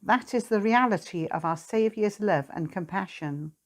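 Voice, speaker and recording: Woman, church sermon reflection, gentle, earnest, pastoral, mid-pitched voice. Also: normal speed. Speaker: lay preacher.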